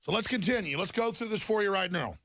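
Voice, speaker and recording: A man's voice: sits high, lively intonation, quick pace, fairly bright tone, no room sound. A middle-aged man hosting a talk show, delivering a heated, repetitive monologue to viewers while reading headlines.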